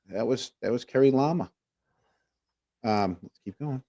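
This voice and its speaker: A man's voice: mid-range voice, expressive, a little slow, pauses often, mellow. A man co-hosting a casual livestream talk show, rambling through viewer comments with plenty of fillers. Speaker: podcast co-host.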